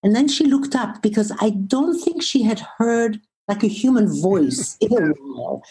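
A woman, a relationship therapist, telling a story as an interview guest, expressive and slowing down for emphasis. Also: mid-range voice, breathy edge, rough recording.

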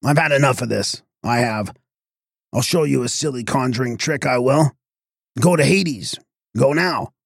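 A man's voice: mid-range voice, animated, normal speed, creaky, no room sound, studio quality. A man voicing a nervous, flustered young clerk who talks hesitantly and apologetically. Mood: exasperated.

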